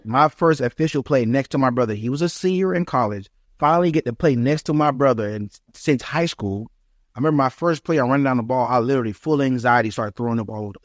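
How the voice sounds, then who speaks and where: A young man, a former football player, telling lively stories in an interview and acting out what family and fans said. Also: mid-range voice, quick pace, no room sound, studio quality. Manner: animated, acts out quotes of family and fans. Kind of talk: storytelling interview.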